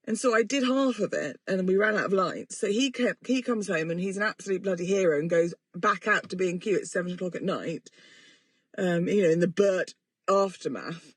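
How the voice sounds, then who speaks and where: A woman's voice: lowish voice, brisk, husky, no echo. A woman, hosting a podcast in a rambling, self-mocking and sweary casual chat. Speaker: podcast host. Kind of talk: casual chatty monologue.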